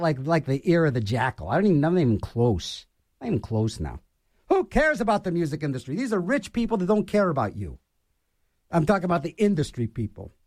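A radio DJ delivers a rambling on-air monologue, ranting with self-mockery and jumping between topics. His voice sits high and a little mellow, captured in a dry, studio-quality recording.

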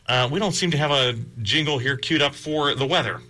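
A man's voice: on the high side, brisk, hardly any pauses, pushed and bright. A middle-aged man, hosting a casual radio show while getting over a cold, telling stories in a rambling, self-deprecating way. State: recovering from a cold.

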